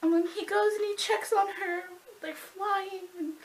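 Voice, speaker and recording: A woman gushing excitedly about a book in a casual review vlog, full of "like" and breathless reactions. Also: very high voice, measured pace, soft background music, low-quality recording. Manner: gushing and excitable, heavy use of "like".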